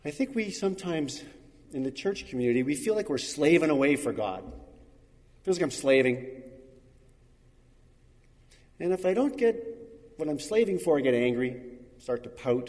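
A man's voice: on the high side, animated, unhurried, pauses often, a little mellow, big-room sound. A man preaching a sermon, reading scripture aloud and acting out the voices he quotes. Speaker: pastor.

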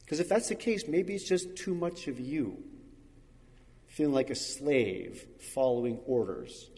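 A man's voice: medium pitch, expressive, a little slow, dark tone, long reverb tail. A man preaching a sermon, reading scripture aloud and acting out the voices he quotes. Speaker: pastor.

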